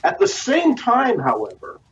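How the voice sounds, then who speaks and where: A man speaking as a guest historian in a radio interview, delivering measured, lecturing answers full of long lists and "uh" pauses. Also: very high-pitched, huge pitch swings, a bit bright. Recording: distant, dull lo-fi radio audio.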